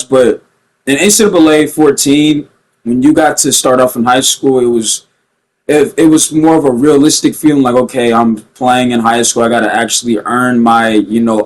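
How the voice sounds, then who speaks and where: A man's voice: mid-range voice, low-quality recording. A young man giving a casual, rambling video-game rant to his viewers, full of fillers and restarts. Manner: animated and rambling, with many fillers. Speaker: gaming vlogger.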